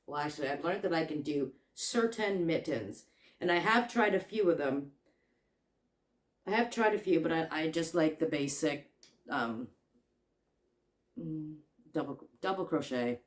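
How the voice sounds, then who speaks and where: Rambling, chatty woman vlogger. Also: deep voice. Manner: rambling, chatty, self-deprecating. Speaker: crochet vlogger. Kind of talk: casual chatty vlog.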